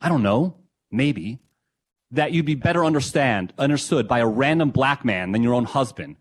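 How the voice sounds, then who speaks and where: A man's voice: medium pitch, expressive, moderate pace, breathy edge, pitched above the performer's own voice. A man voicing his young wife, hurt and defensive during an argument over a video call.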